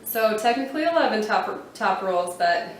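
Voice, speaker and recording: Recorded from a distance in a very echoey room with slight background noise, a mid-range-voiced reading teacher chats through reading rules. She often says "um" and "you know" and spells out letters slowly, one at a time.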